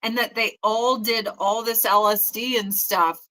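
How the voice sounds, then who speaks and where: A woman's voice: on the high side, steady tone, a little slow, bright, forceful tone, low-quality recording. A woman in her forties hosting a casual morning chat, blunt and profane, often mocking people in put-on voices. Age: 40s. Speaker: host.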